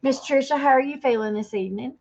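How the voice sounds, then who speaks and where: A woman's voice: high-pitched, fast, creaky, a little mellow. Fifty-year-old woman ranting on a livestream. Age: 50s. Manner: rambling, defensive, talks to chat viewers. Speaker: livestream host. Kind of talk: casual livestream rant. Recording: dull lo-fi stream audio.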